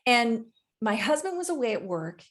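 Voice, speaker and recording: A woman's voice: a little high, sing-song, moderate pace. A woman co-hosting a podcast and coaching, chatting casually and candidly, swearing freely as she tells stories with animation.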